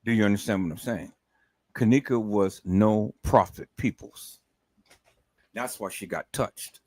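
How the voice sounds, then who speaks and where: A man's voice: fairly low pitch, a little slow, darkish tone, no echo, low-quality recording. A man hosting a commentary livestream, ranting angrily with constant profanity and repetition.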